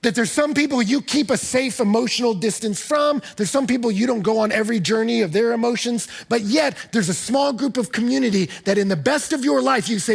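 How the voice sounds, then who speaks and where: A male pastor delivering an impassioned sermon in a church, swinging between hushed, quiet phrases and loud, emphatic lines. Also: extremely high pitch, fairly quick, creaky, few pauses, husky.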